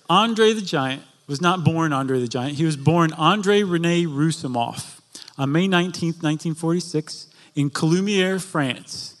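A man's voice: on the high side, fairly bright tone. A chatty, joking man co-hosting a live podcast, telling a story to an audience and laughing often. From Florida. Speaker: podcast co-host. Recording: live show before an audience.

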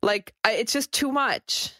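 A woman's voice: on the high side, unhurried, bright, forceful tone, no echo. A young woman co-hosting a podcast in casual chat, riffing sarcastically and acting out quoted asides. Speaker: podcast co-host.

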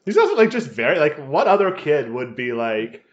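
A man's voice: fairly high pitch, sing-song, normal speed. Playful man chatting, lo-fi sound. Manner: playful, joking, acts out quoted lines. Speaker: podcast co-host. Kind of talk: casual chat recapping a TV episode. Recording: dull lo-fi recording.

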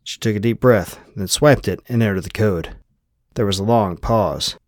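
A man narrating an audiobook in an even, measured reading style. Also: on the low side, no room sound, clean studio sound. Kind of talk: scripted narration.

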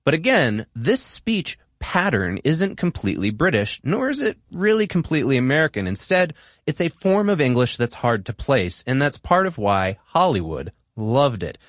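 A man hosting an explainer podcast, reading a script in a lively, playful way. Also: mid-range voice, moderate pace, no echo, studio quality. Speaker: podcast host. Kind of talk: scripted narration.

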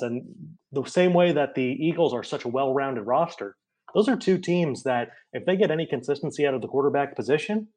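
A man talks through football ratings on a podcast. His talk is casual and comes in quick bursts, and he often checks in with "right?". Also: mid-range voice. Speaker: guest ratings analyst.

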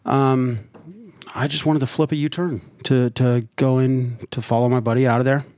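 A man's voice: mid-range voice, little pitch movement, normal speed, a little mellow, dry recording. A middle-aged man from Nevada, a podcast guest, telling a story in a crude, joking way with plenty of swearing. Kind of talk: casual chat.

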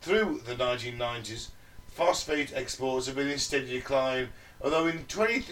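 A man's voice: medium pitch, lively intonation, moderate pace, fairly bright tone, far from the mic. Guy on a podcast reading his notes out, jokey and sweary, sounds a bit off-mic. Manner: reads research aloud, jokey asides, swears. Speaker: podcast co-host. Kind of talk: reading notes in casual chat.

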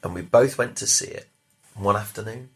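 A middle-aged man chatting as a podcast guest, telling stories with loud bursts and quiet asides. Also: lowish voice, moderate pace, husky. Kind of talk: casual chat.

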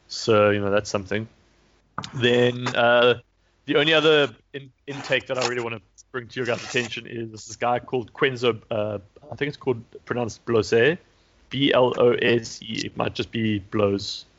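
A man's voice: mid-range voice, a bit bright, a little hiss or hum. Man chatting loosely, lo-fi sound. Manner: rambling, hesitant, frequent restarts and fillers. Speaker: podcast host previewing rugby. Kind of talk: casual chat. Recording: dull lo-fi recording.

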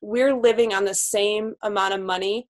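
A woman's voice: mid-range voice, fairly even intonation. A woman in her twenties, a new physical therapist, talking candidly in a casual podcast interview. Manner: candid, chatty, quick laughs.

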